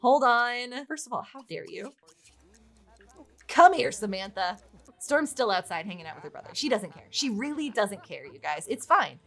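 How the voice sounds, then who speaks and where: A woman giving chatty, excitable let's play commentary on her game, swearing freely as she goes. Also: medium pitch, moderate pace. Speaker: gaming YouTuber.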